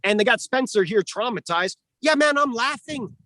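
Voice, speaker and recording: A man's voice: very high-pitched, expressive, moderate pace, sharp tone, dry recording. A man who coaches and manages a fighter, giving a heated, profane, combative rant in an interview.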